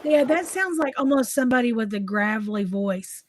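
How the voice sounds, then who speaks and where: A woman's voice: fairly high pitch, expressive, moderate pace, a little hiss or hum. A woman co-hosting a paranormal podcast, chatting casually with her co-host. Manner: chatty, reads viewer comments aloud. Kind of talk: casual chat.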